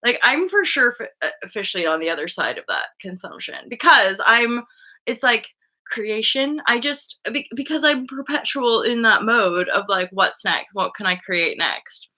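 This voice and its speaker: A woman's voice: fairly high pitch, animated, moderate pace, sharp tone. A woman in her thirties hosting a casual live-stream chat, bubbly and laughing often, swearing freely and acting out voices as she tells stories. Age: 30s. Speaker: host.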